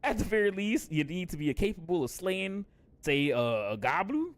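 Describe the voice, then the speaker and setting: A man's voice: high voice, very animated, moderate pace, pitched above the performer's own voice. Man doing a swaggering pirate-talking axeman. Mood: gruff. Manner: swaggering, folksy old-timey talk. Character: gruff boastful male axeman with a pirate-like twang.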